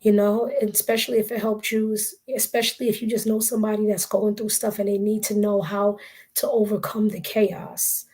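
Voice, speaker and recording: A woman's voice: mid-range voice, little pitch movement, brisk, a little mellow, breathy edge. A woman hosting a casual spiritual livestream, frank and motivational, swearing casually. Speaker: spiritual reader and host.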